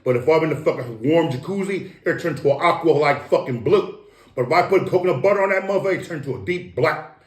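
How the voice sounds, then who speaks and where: A guest of Samoan heritage, a man with a voice on the high side, talks quickly in a casual, rambling monologue that is both profane and preachy. He repeats himself and restarts his words, and the recording has a roomy echo.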